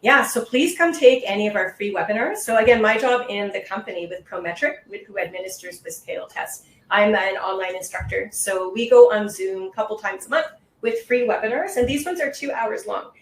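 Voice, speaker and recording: Woman instructor, patient and explanatory, mid-pitched voice, echoey room sound, video call. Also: fairly quick. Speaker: online test-prep instructor. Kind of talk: webinar Q&A answers. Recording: roomy echo.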